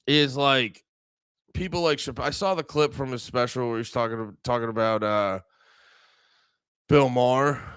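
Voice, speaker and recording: A man's voice: medium pitch, a bit bright, clear, resonant tone, no room sound. Rambling foul-mouthed male podcast host. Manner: rambling, swears a lot, many fillers. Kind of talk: casual profane podcast rant.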